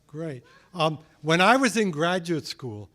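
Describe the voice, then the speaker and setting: A man's voice: fairly high pitch, very animated, slow pace, bright, forceful tone. A man giving a public science lecture as a guest speaker, with joking, wry asides.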